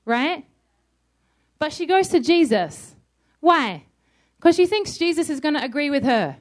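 A woman's voice: high voice, sing-song, unhurried. A woman from Australia preaching a conversational sermon and asking her listeners questions. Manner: conversational, asks the crowd questions.

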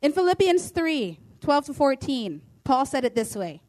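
A woman's voice: high-pitched, sing-song, moderate pace, darkish tone. A woman pastor preaching a sermon, emphatic and declaring, reading scripture aloud.

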